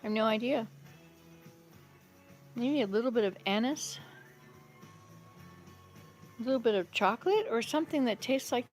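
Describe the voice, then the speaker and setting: A chatty woman with a slightly high voice hosts a casual live stream from her kitchen. She rambles from topic to topic and answers viewers' comments as they come in. Faint music plays in the background. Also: expressive, moderate pace, pauses often, a little mellow. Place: home kitchen.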